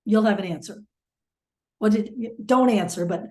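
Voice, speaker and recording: A woman teaching mediation in a webinar, talking through everyday examples with lively turns. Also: medium pitch, normal speed, echoey room. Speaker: mediation trainer.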